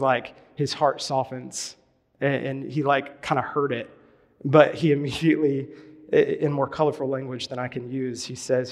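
A man's voice: medium pitch, flat delivery, normal speed, in a large hall. A man giving a sermon as a pastor, speaking conversationally with lots of fillers and restarts. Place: church hall.

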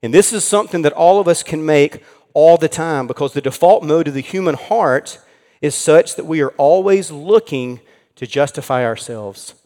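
A man preaching an earnest sermon in a church, slowing down to stress key words. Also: on the high side, lively intonation, darkish tone, in a large hall. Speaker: pastor.

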